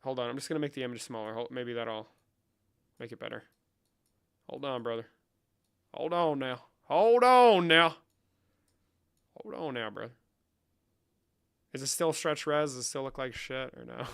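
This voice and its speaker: A man's voice: medium pitch, steady tone, moderate pace, creaky, long pauses, smooth. A man rambling through a comedic vlog in a profane, mock-serious, running banter. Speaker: comedic creator. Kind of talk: comedic screen-share vlog.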